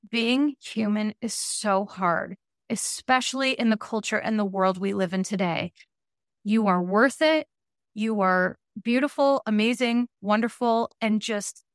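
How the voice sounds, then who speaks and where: A woman's voice: medium pitch, fairly bright tone, clear, resonant tone, no echo, studio quality. A woman guest therapist on a podcast, speaking in an earnest, emphatic and reassuring way. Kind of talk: podcast conversation.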